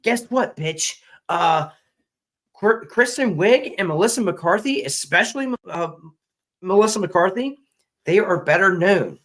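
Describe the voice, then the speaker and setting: A man's voice: high-pitched, animated, unhurried, a bit bright, low-quality recording. A man co-hosting a casual commentary show, ranting in an exasperated, profane way with many restarts. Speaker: podcast co-host.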